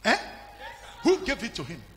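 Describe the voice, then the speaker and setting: A man with a Nigerian accent preaching a fiery sermon as pastor, swinging from hushed to shouting. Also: high voice, huge pitch swings, normal speed. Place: large church hall. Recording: live hall with music behind.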